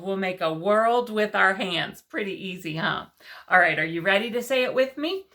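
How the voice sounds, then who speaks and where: A woman teaching preschoolers a Bible story and verse, speaking directly to the children in a sing-song, coaxing way and often dropping to a soft hush. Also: fairly low pitch, normal speed. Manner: drops to a soft hush for emphasis.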